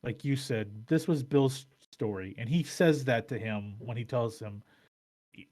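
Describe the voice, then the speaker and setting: A man's voice: mid-range voice, a little slow, a little mellow. A man hosts a casual podcast, talking through his thoughts in long rambling runs. He restarts sentences often and swears freely. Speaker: podcast host.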